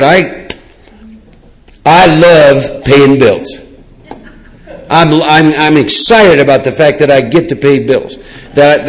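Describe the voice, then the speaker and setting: A man, telling his personal recovery story in a rambling, lively way with many asides. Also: mid-range voice, poor audio. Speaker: recovery speaker. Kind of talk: personal testimony talk.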